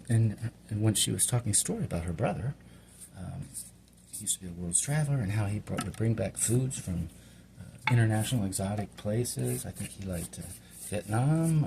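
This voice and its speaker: A man's voice: fairly low pitch, gravelly, warm tone, a little hiss or hum. A middle-aged man from Hawaii chatting in a meandering, casual way while cooking, talking to himself as he works. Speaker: home cook and channel host. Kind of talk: rambling casual cooking vlog.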